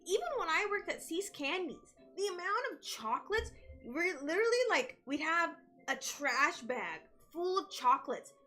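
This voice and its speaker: A young woman streamer chatting casually with her viewers, telling stories in an animated way. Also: very high-pitched, normal speed, faint music behind. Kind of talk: casual chat with live viewers.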